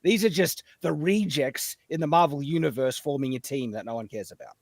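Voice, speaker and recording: A man's voice: fairly high pitch, fairly quick, creaky, no room sound, studio quality. A man on a casual chat panel, giving blunt, dismissive opinions. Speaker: guest.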